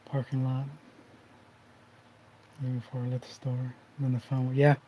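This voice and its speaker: A man's voice: mid-range voice, monotone, normal speed, mellow, slight background noise, low-quality recording. A man hosting a card collecting channel, chatting casually behind the scenes and telling rambling anecdotes full of restarts.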